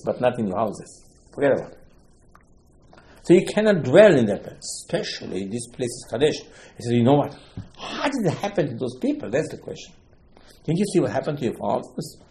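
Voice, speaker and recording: A man giving a Torah lesson in the manner of a rabbi, voice at a middling pitch. He tells the story with lively acted-out exchanges, breaking into sudden loud emphasis. His English is broken and full of Hebrew terms. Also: a little hiss or hum. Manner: animated storytelling, acting out dialogue, emphatic rises; non-native English phrasing, Hebrew terms.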